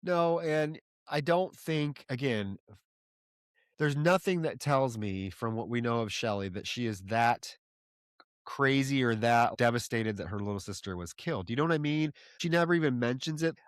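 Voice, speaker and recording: A man co-hosts a horror podcast and recaps the plot in an exasperated, profane, casual way. His voice sits at an ordinary male pitch. The recording is dry and close. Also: animated, normal speed, no echo. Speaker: podcast co-host.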